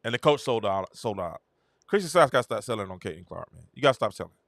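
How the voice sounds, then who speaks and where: A man hosting a casual sports commentary livestream, talking in an animated, slangy and rambling way, often repeating himself. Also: lowish voice, quick pace, vocal fry. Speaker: host.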